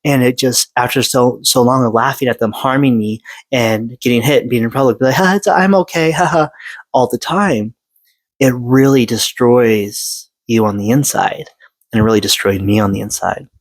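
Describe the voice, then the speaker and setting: A man in his forties speaks straight into a close mic, earnest and halting, stopping and restarting often. The sound is dry and close, with no room behind him. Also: mid-range voice, steady tone, no room sound, poor audio. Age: 40s. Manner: halting, with many fillers and restarts. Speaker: vlogger sharing personal story. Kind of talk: earnest personal monologue.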